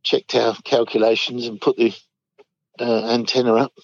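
A man's voice: mid-range voice, level tone, normal speed. An older man, casually telling army stories and often chuckling. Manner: chuckles often, acts out quoted voices. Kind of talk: casual storytelling chat. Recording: dull dry recording.

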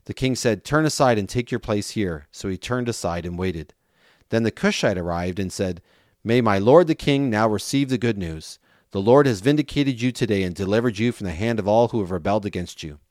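A man reading a scripture passage aloud with a measured, steady delivery. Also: lowish voice, no echo, studio quality. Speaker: scripture reader.

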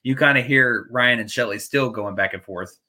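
A man's voice: medium pitch, normal speed, bright, forceful tone. A man co-hosting a casual video call, introducing clips and laughing easily. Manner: laughs often, talks loosely with fillers. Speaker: co-host presenting session clips. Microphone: noise-canceling headphones on a video call.

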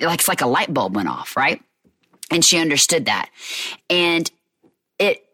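A woman's voice: low voice, pushed and bright, dry recording, studio quality. A woman, a mother chatting candidly about parenting and talking straight to her listeners. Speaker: mother sharing parenting reflections. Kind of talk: casual personal monologue.

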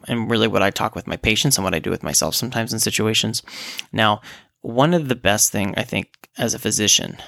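Male podcast host, low gravelly voice, chatty explainer, dry close mic. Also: pushed and bright, dry recording. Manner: conversational, explains step by step with "right?" check-ins. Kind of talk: solo podcast talk.

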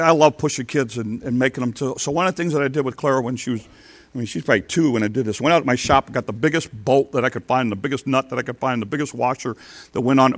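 An older man, a grandfather, preaching a folksy sermon, telling homely stories and acting out quotes. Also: mid-range voice. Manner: folksy storytelling, acts out quotes with big swings in loudness. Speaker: pastor.

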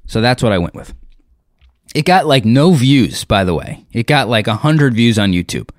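A man's voice: mid-range voice, very animated, normal speed, no echo, clean studio sound. Rambling, profane man telling a story. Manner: rambling, profane, self-deprecating. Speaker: comedian and impressionist. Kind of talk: casual storytelling.

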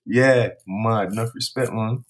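A man's voice: on the low side, a little slow. A man with a Jamaican accent, a guest musician on a podcast, talking in an easygoing way with short agreeing replies. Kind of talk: casual chat.

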